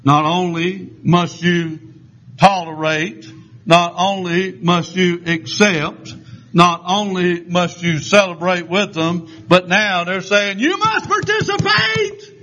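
A man preaching a fiery, emphatic sermon, often pausing for "amen.". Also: high voice, little pitch movement, a bit bright. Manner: fiery, emphatic, punctuated with amens. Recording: dull lo-fi sound.

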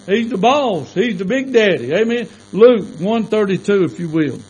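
A man with a strikingly high voice preaches a fervent sermon. He fires rhetorical questions at the congregation and punctuates his points with repeated calls of amen. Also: animated, moderate pace, darkish tone, breathy edge, rough recording.

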